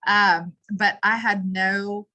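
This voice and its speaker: A woman's voice: medium pitch, flat delivery, slow pace, pushed and bright, poor audio. A middle-aged woman chatting enthusiastically on a live video call, rambling through a product testimony for her team. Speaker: team leader presenting a product.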